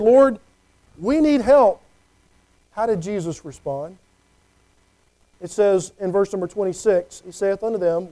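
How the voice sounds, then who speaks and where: A man's voice: high-pitched, dark tone, poor audio. A middle-aged man preaching a conversational sermon, often checking in with "okay?". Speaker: pastor.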